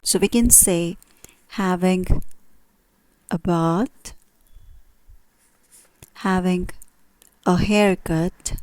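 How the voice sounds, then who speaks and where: Slow, careful woman teaching grammar. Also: fairly low pitch, fairly even intonation, darkish tone. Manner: slow, careful explaining with questions to viewers. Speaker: English teacher. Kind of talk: grammar lesson.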